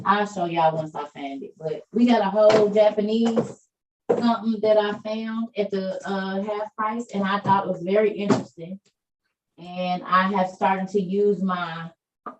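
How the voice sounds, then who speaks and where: A woman's voice: medium pitch, far from the mic, dull audio, background noise. A woman hosting an online meeting, chatting casually with listeners and encouraging them about faith. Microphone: video call.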